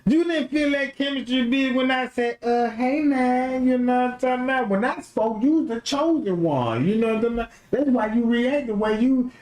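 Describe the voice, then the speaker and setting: A man's voice: extremely high pitch, a little fast, few pauses, echoey room. A young man, ranting on a casual livestream and slipping into mocking impressions. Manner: animated, slips into mocking impressions. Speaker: livestream host.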